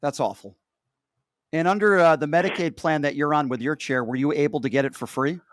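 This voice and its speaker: A man's voice: fairly high pitch, fairly quick, fairly bright tone, dry recording, clean studio sound. A man hosting a call-in talk show, speaking emphatically and hammering home his points by repeating them. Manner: emphatic, repeats key phrases.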